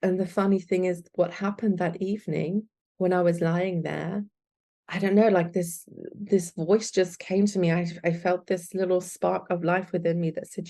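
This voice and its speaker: Low, gravelly-voiced woman telling her story. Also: little pitch movement, moderate pace, mellow. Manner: earnest, candid. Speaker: guest. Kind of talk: personal storytelling.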